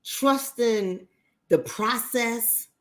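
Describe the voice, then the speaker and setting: A woman with a Bronx accent, casually chatting with viewers on a livestream in a blunt, profane manner. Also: extremely slow. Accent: New York, Bronx. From New York, the Bronx. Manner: blunt, profane, animated, mimics others in high voices. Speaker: relationship coach and livestream host.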